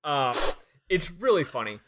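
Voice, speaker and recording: A man co-hosting a podcast, recapping a game in casual chat, laughing often and swearing, acting out the characters in quick bits. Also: a little high, big pitch swings, fairly bright tone. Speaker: podcast co-host.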